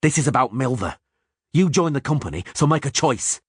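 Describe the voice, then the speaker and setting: Guy reading grim hunter man, talks short thru his teeth, husky. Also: mid-range voice, expressive, brisk, dry recording, clean studio sound, pitched above the performer's own voice. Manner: curt, through clenched teeth. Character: grim hardened male monster hunter.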